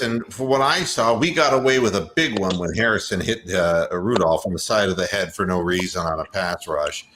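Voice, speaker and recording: A man co-hosting casual sports talk, animated and joking. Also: sits low, normal speed, hardly any pauses. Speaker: co-host. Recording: noisy line.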